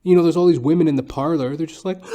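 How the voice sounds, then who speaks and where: A man's voice: on the high side, rapid-fire, dark tone. A man hosting his own podcast, telling comic stories in a rambling, profane way. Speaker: podcast host. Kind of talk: comedic storytelling monologue.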